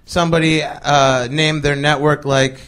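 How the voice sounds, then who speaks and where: A male comedian telling a loose, chatty story on stage in live comic style, with lots of fillers and quick voices for the people he quotes, and an audience laughing along. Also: a little high, level tone, a bit bright.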